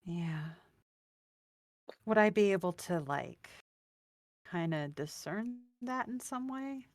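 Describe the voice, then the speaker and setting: A woman's voice: medium pitch, expressive, takes it slowly, dry recording. A woman player in a tabletop game, thoughtful and musing aloud over a voice call. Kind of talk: casual game chat.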